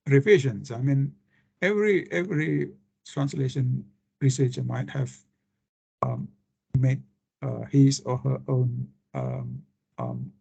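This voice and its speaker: A man with an Indonesian accent giving a screen-share lecture on translation, halting and full of fillers and restarts. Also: medium pitch, creaky, warm tone, breathy edge.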